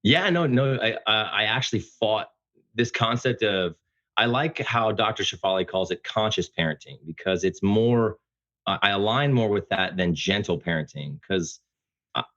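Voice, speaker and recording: A man speaking as a podcast guest, talking about fatherhood in an earnest, emphatic, loud-voiced way. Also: on the low side, animated, moderate pace, highs cut off. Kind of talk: casual interview conversation.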